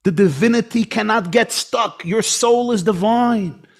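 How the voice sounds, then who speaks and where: A man giving a sermon as a rabbi, impassioned, swinging between soft low lines and high, emphatic ones. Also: a little slow.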